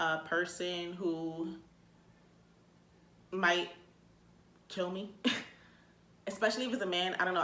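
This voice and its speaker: A young woman telling a storytime rant in a casual vlog, animated, swearing freely and saying "like" a lot. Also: lowish voice. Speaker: vlogger. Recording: echoey room.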